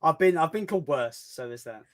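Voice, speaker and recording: A man's voice: on the high side, lively intonation, fairly quick. Self-mocking man chatting as a guest. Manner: self-deprecating, laughs easily. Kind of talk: casual live-stream chat.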